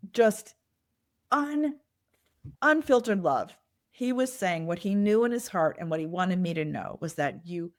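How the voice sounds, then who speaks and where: A woman's voice: medium pitch, dry recording, studio quality. A middle-aged woman, a podcast guest who tells personal stories candidly and reflectively. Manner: reflective storyteller, acts out quoted dialogue. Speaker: nonprofit fundraising consultant, guest.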